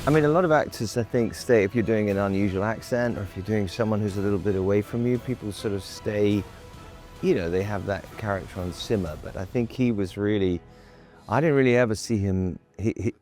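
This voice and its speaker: A man being interviewed as a guest, reflective and halting, telling anecdotes. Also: low-pitched, a little mellow, no echo, clean studio sound. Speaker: actor and composer guest. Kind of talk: interview conversation.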